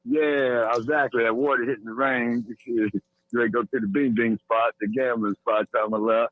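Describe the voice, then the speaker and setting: A man from West Virginia calling a live show by phone from outdoors, talking in an excited, loose and profane way. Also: mid-range voice, moderate pace, dry recording. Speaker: caller. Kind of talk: casual phone call. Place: outdoors on a motorbike in the rain. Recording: tinny dry phone line.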